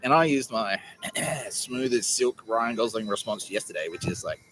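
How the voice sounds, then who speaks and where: A man's voice: fairly low pitch, normal speed, fairly bright tone, a little hiss or hum, poor audio. A man hosting his own podcast, rambling, joking, swearing and laughing often as he talks to his camera. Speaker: podcast host. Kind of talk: rambling casual monologue.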